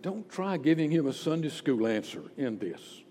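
A man's voice: on the high side, big pitch swings, moderate pace, mellow, a little hiss or hum. A male pastor preaching a sermon with emphatic rhetorical questions. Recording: long hall reverb.

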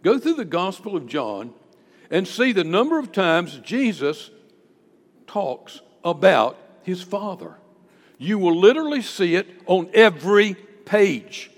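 A man preaching a sermon with impassioned delivery, dropping to a hush and then rising loud again. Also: high-pitched, sing-song, a little slow. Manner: impassioned, swings between hushed and loud. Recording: echoey hall with long reverb.

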